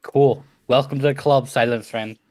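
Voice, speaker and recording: A man's voice: medium pitch, steady tone, moderate pace, a little mellow, no room sound. A man joking around casually while playing a tabletop game. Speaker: player.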